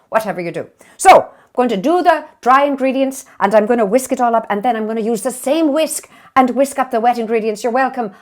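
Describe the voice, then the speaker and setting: A woman hosting a cooking show in a put-on Irish accent, giving a playful, cheeky comic cooking demonstration in a kitchen and swearing for laughs. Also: a little high.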